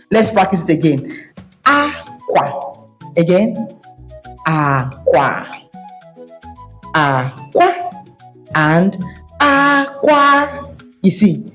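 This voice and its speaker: Woman, kids' language teacher, encouraging, models tones by sliding pitch; soft music under. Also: normal speed. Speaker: Igbo language teacher for children. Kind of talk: online language lesson.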